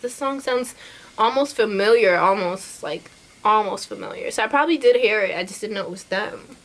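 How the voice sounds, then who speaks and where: A woman's voice: on the high side, a bit bright. Bubbly slang-heavy woman vlogger. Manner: bubbly and chatty, heavy slang, laughs often. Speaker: YouTube reaction vlogger. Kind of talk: casual reaction chat.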